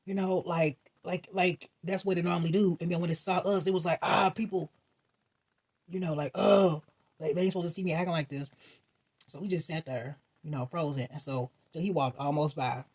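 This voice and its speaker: Husky, animated dream storyteller. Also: medium pitch, fairly quick. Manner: animated, acts out voices and reactions, laughs often; slangy, swears freely. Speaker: vlogger.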